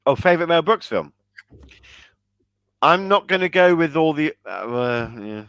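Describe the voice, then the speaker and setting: A man's voice: sing-song, measured pace, clear, resonant tone, no room sound. A man co-hosting a casual chat, enthusiastic and hiccuping as he talks about films. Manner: enthusiastic, acts out quoted lines in high shouts. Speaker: podcast co-host.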